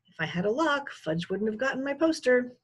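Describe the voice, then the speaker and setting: Earnest young schoolboy in a storybook read-aloud, a touch higher, husky, voiced by a woman. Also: animated, brisk. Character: fourth-grade boy, earnest and put-upon.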